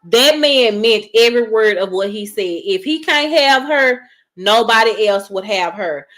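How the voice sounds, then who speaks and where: A woman's voice: a little high, a little slow. A woman hosting a casual movie review, retelling the plot. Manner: animated storyteller, acts out characters' lines. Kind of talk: casual spoiler recap of a movie.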